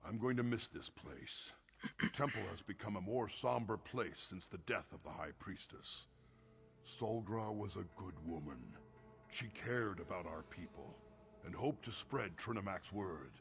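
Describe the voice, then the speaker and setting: A solemn, gravelly orc priest. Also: male voice, lowish voice. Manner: solemn and measured. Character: grieving male orc temple priest, solemn. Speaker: game character.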